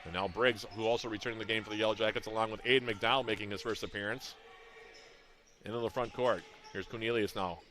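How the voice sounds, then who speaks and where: A man calling a college basketball game play-by-play, reading out plays, scores and shooting stats in a brisk, rhythmic way. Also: lowish voice, steady tone, fairly bright tone. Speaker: play-by-play announcer.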